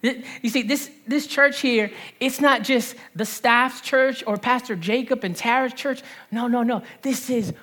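A woman in her thirties with a New Jersey accent, preaching a lively sermon with call-and-response and repeated phrases. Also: a little high, a little slow, hardly any pauses. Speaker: pastor.

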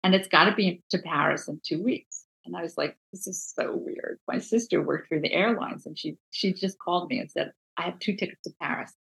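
A woman with a New Jersey accent, a book designer telling stories in a casual interview, animated and full of restarts. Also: lowish voice, a little fast, gravelly, hardly any pauses, poor audio. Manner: animated, acts out quoted voices, many restarts.

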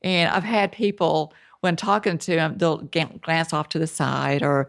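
A woman's voice: low-pitched, fairly even intonation, measured pace, gravelly. A woman hosting a casual interview, asking chatty, rambling questions. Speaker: podcast host.

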